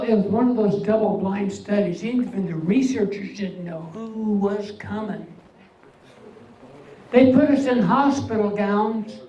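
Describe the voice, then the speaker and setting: An older man with an unusually high voice doing a stand-up comedy set, delivering deadpan one-liners with pauses before each punchline. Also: highs cut off. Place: veterans' hall event room. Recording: echoey hall, mic far off, faint hum.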